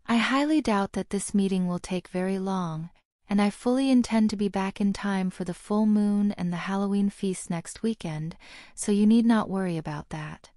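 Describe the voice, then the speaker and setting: A woman's voice: mid-range voice, moderate pace, mellow, no room sound, close to an everyday voice. A woman voicing a stiff, sardonic male wizard ambassador with an Australian accent, talking curtly and dryly in an audiobook reading. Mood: formal. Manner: curt and dry.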